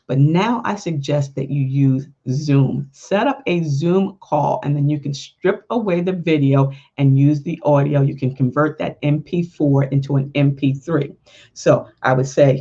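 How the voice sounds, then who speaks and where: A woman's voice: deep voice, muffled recording. Chatty woman giving podcast advice. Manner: chatty, animated, frequent "you know" asides. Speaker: podcast host. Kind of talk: casual podcast advice monologue.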